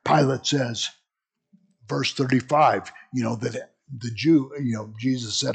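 A man's voice: medium pitch, fairly even intonation, a little slow, vocal fry, slightly rough. A man teaching a Bible study in a rambling, conversational way, full of asides.

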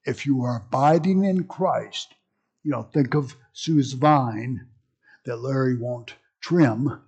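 Pastor, male, gravelly and husky, slow conversational sermon delivery with teaching asides. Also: mid-range voice, a little mellow.

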